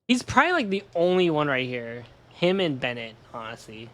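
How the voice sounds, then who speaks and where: A man's voice: a little high, sing-song, moderate pace, few pauses, a bit bright, faint music behind. A man streaming a game live, chatting casually in a rambling, joking way and swearing freely.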